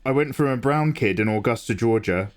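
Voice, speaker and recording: Guy rambling on his art stream, mid-pitched voice, reads chat out loud. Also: a little fast. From England. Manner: rambling, chatty, reads chat aloud and answers with laughs. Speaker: livestreaming artist. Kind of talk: casual livestream chat.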